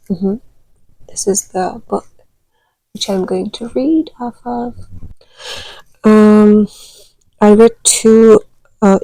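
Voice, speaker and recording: A woman's voice: mid-range voice, dark tone, no room sound, low-quality recording. A woman who grew up speaking Turkmen, chatting casually and with many hesitant fillers about learning languages. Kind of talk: casual vlog talk.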